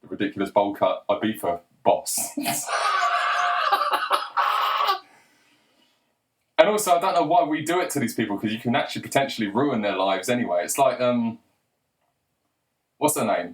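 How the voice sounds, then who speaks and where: A man's voice: mid-range voice, animated, a little fast. Exasperated man ranting. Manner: sarcastic, exasperated, mocking voices for quotes. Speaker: commentary vlogger. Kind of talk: ranting commentary monologue.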